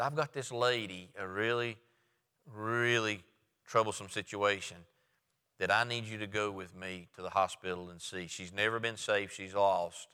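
A man's voice: on the low side, bright, forceful tone, clear, resonant tone, in a large hall. A man preaching a sermon, telling a story with quoted dialogue and then driving home his point.

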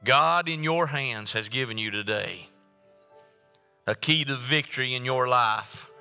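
A man preaches in a church with a bright, clear, resonant voice that carries a long reverb through the hall. His delivery builds with fervent repetition. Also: medium pitch, measured pace, soft background music. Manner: preaching with rising fervor and repetition. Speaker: pastor. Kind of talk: sermon. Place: church sanctuary.

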